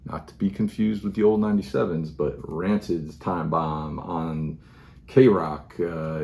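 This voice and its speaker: A middle-aged man with a very low voice talks casually at home about the albums in front of him. He rambles, restarts his sentences and fills the gaps with ums and you-knows. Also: darkish tone. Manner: rambling, many fillers and restarts. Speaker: record collector vlogger. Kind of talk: casual show-and-tell monologue.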